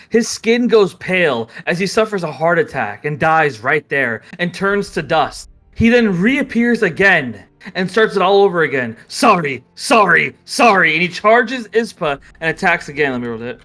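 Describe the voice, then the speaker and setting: A man narrating a tabletop game as game master, playful and quick to laugh. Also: high-pitched, expressive, a bit bright, soft background music.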